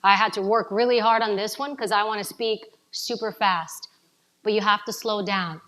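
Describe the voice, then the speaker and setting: A woman from New giving an energetic coaching talk to a live audience, asking them questions. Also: mid-range voice, normal speed. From New York City. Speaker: speaker at a summit.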